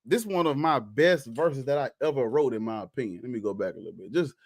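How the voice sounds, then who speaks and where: A man's voice: medium pitch, animated, fast talker, no echo, clean studio sound. A rapper talking bluntly and profanely over his own beat, picking apart the flow of his verses. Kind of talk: casual commentary over his music. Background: faint hip hop beat.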